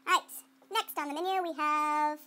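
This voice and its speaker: A woman's voice: high voice, steady tone, normal speed, heavy background noise. A woman art teacher giving a playful running commentary while she demonstrates clay sculpting to students.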